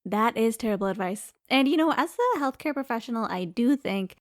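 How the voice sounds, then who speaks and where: A young woman with a fairly high voice co-hosts a podcast, chatting casually with lively, playful emphasis. Her voice sounds dry and close. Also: fairly quick, no room sound. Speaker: podcast co-host, healthcare professional. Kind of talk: casual chat.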